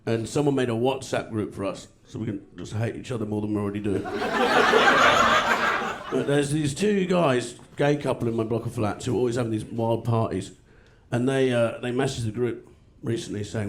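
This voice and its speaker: Sardonic stand-up guy on stage, gravelly voice, deadpan, noisy live recording. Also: mid-range voice, moderate pace. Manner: deadpan, sardonic delivery with crude jokes. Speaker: stand-up comedian. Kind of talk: stand-up routine. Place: comedy club stage. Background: audience laughter.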